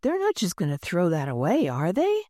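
A woman voicing an excitable little girl inventor, high and eager. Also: normal speed, dry recording, studio quality. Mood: excited.

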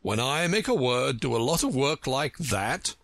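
A man reading a storybook aloud, voicing a pompous, scornful know-it-all who speaks in a lively, lilting way. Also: medium pitch, unhurried, dry recording, voice pushed up.

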